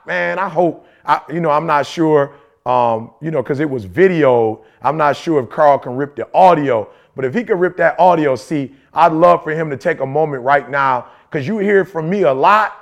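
A middle-aged man co-hosting a podcast, talking in an animated, slangy motivational way and repeating phrases for emphasis. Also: fairly high pitch, normal speed, vocal fry. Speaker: podcast co-host. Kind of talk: motivational casual chat.

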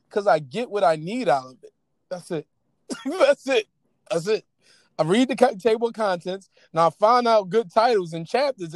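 A man co-hosting a casual podcast chat, talking in an animated way with laughs and teasing asides. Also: high-pitched, no room sound. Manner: animated, laughing, mocking impressions. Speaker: podcast co-host.

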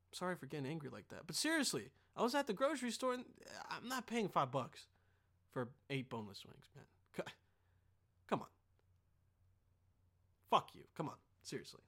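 High, bright-voiced young man ranting. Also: moderate pace, long pauses. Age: young adult. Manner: profane, excitable, rants with sudden loud bursts. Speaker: podcast host. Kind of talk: casual rambling monologue.

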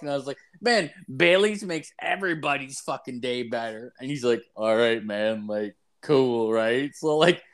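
A young man, co-hosting a podcast and telling a rambling, profane story full of "like". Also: mid-range voice. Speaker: podcast co-host. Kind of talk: casual podcast chat.

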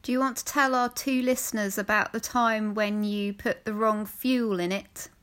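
Teasing deadpan woman co-host. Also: medium pitch, normal speed, soft background music. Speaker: podcast co-host. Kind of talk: casual banter.

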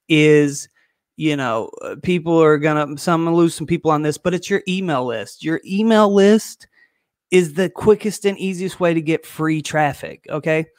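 A man coaching on online business in a casual livestream, excited and quick, with lots of fillers and restarts. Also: on the high side, no room sound, studio quality. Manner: excited, fast talker who skips points; filler-heavy, loose and conversational.

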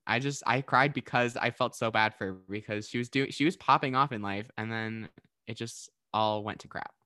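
A man's voice: fairly low pitch, moderate pace, sharp tone, dry recording, clean studio sound. A young man in a casual book club chat, candid and repetitive. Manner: candid, repeats himself.

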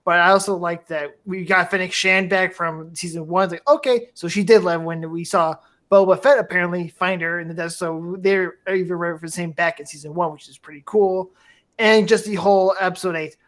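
Brief: excitable fan host, mid-range voice, rambling casual review chat. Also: mid-range voice, a little fast. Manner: enthusiastic, rambling with restarts and laughs. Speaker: podcast host.

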